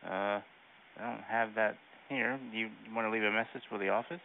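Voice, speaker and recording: A male shop clerk on the phone, brisk and polite with a deadpan edge. He talks quickly. The line is thin and phone-like, with faint background noise behind him. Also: on the low side, gravelly. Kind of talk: customer service call.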